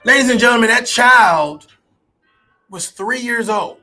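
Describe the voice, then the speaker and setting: Profane, incredulous man ranting loudly. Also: very high voice, measured pace. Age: adult parent. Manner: profane, incredulous, shouting bursts. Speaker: online commentator. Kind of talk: ranting to a live audience. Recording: faint background music.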